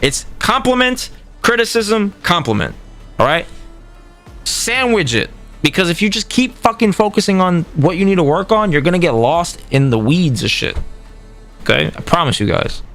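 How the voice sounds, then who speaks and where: A high-pitched man speaking at normal speed coaches fighting games on a livestream as faint music plays. He's casual, animated, and swears a lot, often voicing what other players might say.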